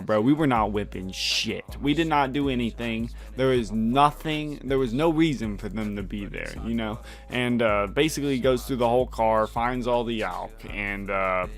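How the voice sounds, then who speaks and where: A young man tells a wild story to his vlog viewers. He talks casually, in slang full of profanity, and keeps laughing between lines. His voice sits at an average pitch for a man. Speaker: vlogger.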